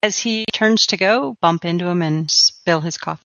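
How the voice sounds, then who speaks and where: A woman's voice: fairly low pitch, moderate pace, creaky, fairly bright tone, no echo, lo-fi sound. A woman playing a tabletop game who describes her character's actions in a casual, conversational way. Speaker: player.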